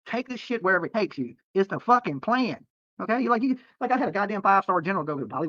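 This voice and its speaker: A man with a high-pitched, animated voice talks fast on a late-night livestream from his hotel room. He rails against critics in a profane, repetitive, heated rant, captured as dry, dull lo-fi stream audio.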